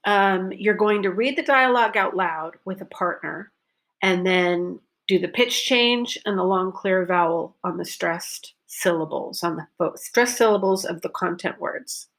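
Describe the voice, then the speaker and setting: A woman teaching a pronunciation lesson, modeling focus words slowly and deliberately for students to repeat. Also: mid-range voice, a bit bright. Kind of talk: recorded online lesson.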